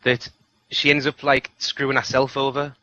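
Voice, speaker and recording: A man's voice: medium pitch, monotone, normal speed, bright, forceful tone, dry recording, muffled recording. A man from the UK co-hosting a casual film review chat, talking in a chatty, hedging way with many fillers. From United Kingdom. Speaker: film review podcast co-host.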